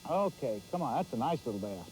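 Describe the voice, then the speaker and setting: A man hosting a fishing show, giving folksy live commentary from a boat on a pond and exclaiming loudly. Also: mid-range voice, very animated, fast talker, a little hiss or hum, rough recording.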